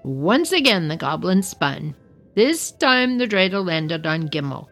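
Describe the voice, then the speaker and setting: A woman's voice: fairly low pitch, very animated, a little slow, fairly bright tone, faint music behind, low-quality recording. A woman reading a story aloud on her podcast with playful, chatty asides.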